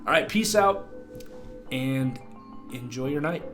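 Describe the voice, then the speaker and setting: A man's voice: medium pitch, lively intonation, slow. A man hosting a casual football analysis video, talking loosely with a stuffed-up, nasal voice. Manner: loose, conversational, with fillers. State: nasal from a cold. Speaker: sports video host. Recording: faint guitar music behind.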